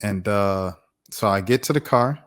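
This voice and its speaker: A man around thirty telling a personal story on his vlog in a casual, slangy, animated way. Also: lowish voice, unhurried. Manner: animated, slangy, acts out voices. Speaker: YouTuber.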